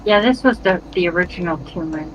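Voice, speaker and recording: A woman's voice: lowish voice, animated, fast, a little hiss or hum, low-quality recording. A middle-aged woman chatting casually with friends while playing a game, often stopping and restarting her sentences. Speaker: streamer. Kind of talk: casual chat while gaming.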